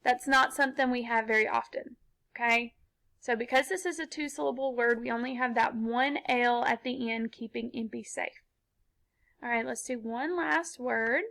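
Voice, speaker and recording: A woman teaching a children's phonics lesson, explaining slowly and patiently step by step. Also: on the high side, gravelly, fairly bright tone, low-quality recording. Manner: slow, patient, step-by-step instruction.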